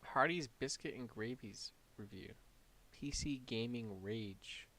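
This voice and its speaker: A man's voice: mid-range voice, slow pace, fairly bright tone. A man giving casual reaction commentary and reading titles aloud, amused. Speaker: reaction video host.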